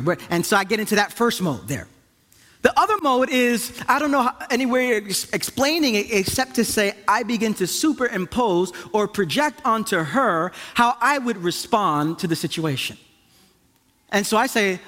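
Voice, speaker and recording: A man delivers a sermon with a strikingly high, animated voice that swoops up and down. He builds his points by repeating phrases and weaving in personal stories. His voice rings out with a long, hanging reverb, as if from a large church hall. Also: moderate pace. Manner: storytelling, repeats phrases for emphasis. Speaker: pastor.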